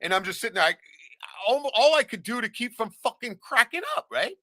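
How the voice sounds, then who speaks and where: Profane, animated man telling a story. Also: extremely high pitch, brisk, dry recording. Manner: profane, animated, keeps asking "right?"; acts out quoted voices, shouting them. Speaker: podcast host. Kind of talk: casual storytelling chat.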